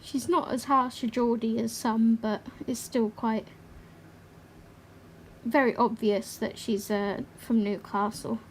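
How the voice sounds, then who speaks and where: A woman's voice: a little high, fairly even intonation, slight background noise. A woman hosting a colouring livestream, chatting casually and rambling a little as she works. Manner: chatty and rambling, quick to laugh. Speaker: livestream host. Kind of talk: casual chat while colouring.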